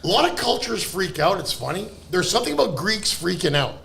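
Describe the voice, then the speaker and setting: High-pitched, gravelly comedian telling animated stories. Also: male voice, a little fast, a little hiss or hum. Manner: animated, laughs through his stories, loud exaggerated impressions. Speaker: guest comedian. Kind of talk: storytelling comedy anecdotes. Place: podcast studio.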